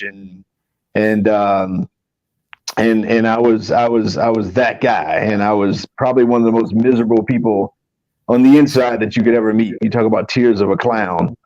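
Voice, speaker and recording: A man's voice: on the low side, a little mellow, no room sound. Earnest rambling man, muffled dry sound. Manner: rambling and earnest, many restarts, keeps saying "man". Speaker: podcast co-host. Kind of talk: personal story in casual chat.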